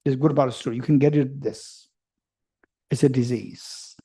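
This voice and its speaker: Mellow-voiced man teaching a retreat. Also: mid-range voice, fairly even intonation, normal speed, husky. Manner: playful storyteller who acts out everyday dialogue; repeats points and checks understanding with the audience. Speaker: Buddhist teacher. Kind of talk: dharma teaching to a retreat group.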